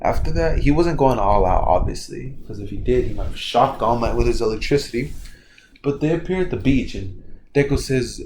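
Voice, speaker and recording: A man's voice: mid-range voice, animated, moderate pace, a little mellow, a little hiss or hum. Rambling man telling a story. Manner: rambling, many fillers and self-corrections. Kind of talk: casual storytelling. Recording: echoey room, faint ambience.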